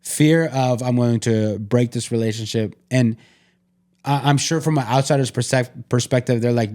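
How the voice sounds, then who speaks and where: A man's voice: fairly low pitch, steady tone, brisk, mellow. A man co-hosting a podcast, talking earnestly and openly, full of "like" fillers and restarts. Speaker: podcast co-host. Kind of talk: candid conversational podcast.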